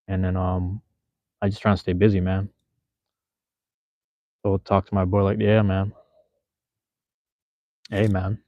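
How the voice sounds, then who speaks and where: On his livestream, a Seattle host talks to chat loosely, using slang and dropping profanity. His voice is lowish, and the recording is dry and muffled.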